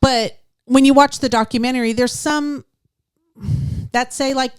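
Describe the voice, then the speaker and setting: A woman's voice: sits high, steady tone, unhurried, smooth, no echo, studio quality. A woman in her forties co-hosting a podcast, talking in a chatty way and laughing often. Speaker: podcast co-host. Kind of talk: casual chat.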